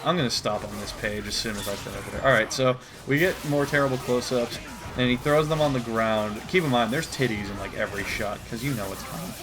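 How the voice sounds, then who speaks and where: A man's voice: medium pitch, a little fast, over music. A man doing comedic commentary while reading a comic aloud, crude, profane and exasperated. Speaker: YouTuber.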